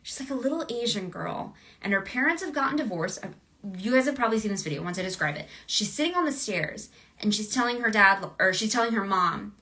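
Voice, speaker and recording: A woman's voice: medium pitch, expressive, brisk, sharp tone. A woman voice actress chatting casually with fans during a livestream autograph session, bubbly and gushing, and laughing often.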